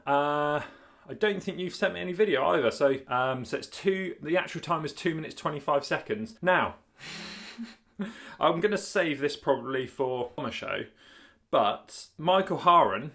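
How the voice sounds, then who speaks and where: A man's voice: on the high side, expressive, measured pace, a bit bright. A man vlogging in casual chat, rambling, laughing often and correcting himself as he goes. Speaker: cycling vlogger.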